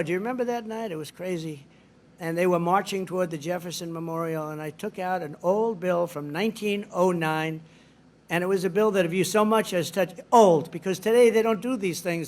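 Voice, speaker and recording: A man giving a rally speech in a rambling, boastful, digressive way. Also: sits high. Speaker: politician addressing a rally.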